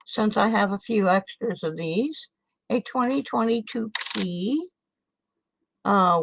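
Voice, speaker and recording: Older woman host, unhurried desk chat, self-deprecating asides, faint hiss under it. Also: medium pitch, vocal fry, poor audio. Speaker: channel host, coin roll hunter. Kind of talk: casual livestream chat while sorting coins. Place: home desk in a small town.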